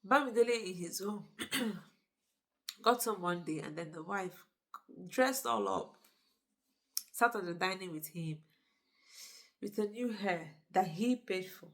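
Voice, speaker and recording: A woman's voice: mid-range voice, measured pace, pauses often. A woman casually retelling a movie plot, chatty, with asides to the listener. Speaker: movie reviewer. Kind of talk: casual movie recap narration.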